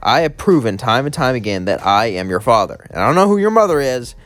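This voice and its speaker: A man's voice: medium pitch, big pitch swings, fairly quick, fairly bright tone, soft background music. Guy reading cocky middle-aged dad, brags, shrugs stuff off, plain own voice. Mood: smug. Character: brash boastful middle-aged father figure.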